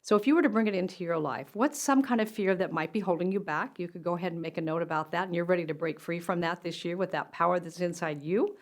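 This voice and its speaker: An older woman, a motivational speaker, telling a personal story straight to camera in an earnest, conversational way. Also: fairly low pitch.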